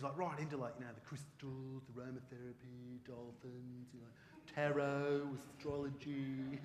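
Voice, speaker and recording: Aussie guy ranting and joking, bright tense voice, echoey hall with faint hum. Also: a little high. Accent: Australian. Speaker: keynote speaker. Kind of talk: comedic keynote talk. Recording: echoey hall, live stage.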